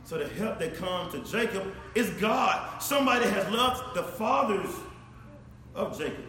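A man preaching a sermon, speaking straight to his congregation, swinging from shouted emphasis to low, quiet asides. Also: a little slow, soft background music. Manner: animated, addresses congregation directly, rises to shouts then drops low. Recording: echoey hall with faint ambience.

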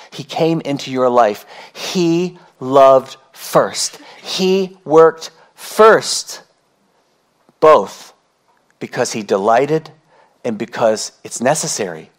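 In his sermon, a pastor with a somewhat high voice speaks earnestly and emphatically. His pacing shifts from drawn-out words to quick runs, and he keeps repeating key phrases.

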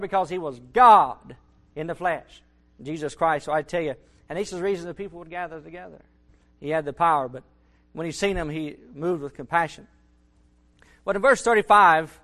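A man's voice: high voice, normal speed, a bit bright. A man preaching a sermon, building to emphatic bursts and repeating his phrases. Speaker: Baptist preacher.

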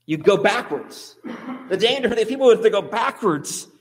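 A man preaching a sermon, lively and rhetorical, swinging between quiet asides and emphatic exclamations. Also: sits high, moderate pace. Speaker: pastor.

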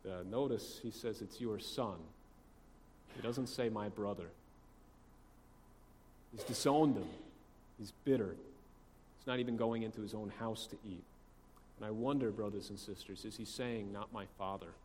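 A man preaching a sermon in a conversational way, asking rhetorical questions and swinging between soft asides and loud emphasis. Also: on the low side, moderate pace, big-room sound, slight background noise. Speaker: pastor.

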